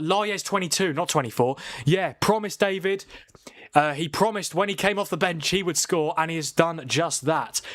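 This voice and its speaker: A slightly high, fairly bright-toned man hosts a live football watchalong, keeping the chat casual as he debates and answers his viewers' comments.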